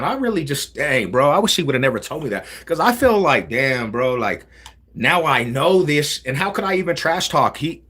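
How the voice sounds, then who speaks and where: A man hosting a casual livestream, talking in animated street slang. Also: mid-range voice, breathy edge. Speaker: livestream host.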